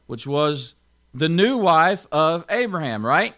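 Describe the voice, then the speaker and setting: A man's voice: a little high, lively intonation, unhurried, a bit bright. A man pastor giving an informal Bible teaching, stressing key words and chuckling often.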